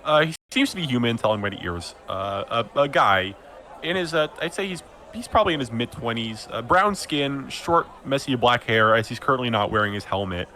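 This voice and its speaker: A man's voice: medium pitch, lively intonation, a little fast, pushed and bright. A man narrating as game master of a tabletop game, in casual, rambling, improvised descriptions.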